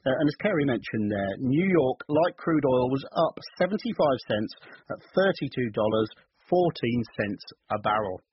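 A man presenting business news on radio in a measured, clear way. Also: medium pitch, lively intonation. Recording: muffled radio broadcast with faint hiss.

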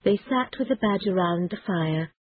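A woman calmly reading a children's storybook chapter aloud. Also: lowish voice, normal speed, breathy edge, no echo. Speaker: narrator. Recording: tinny phone-like, dry.

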